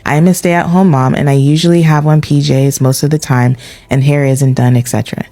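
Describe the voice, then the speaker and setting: A woman hosting a podcast who reads a listener's letter aloud, adding quick asides and laughing now and then. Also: sits low, fairly even intonation, dark tone.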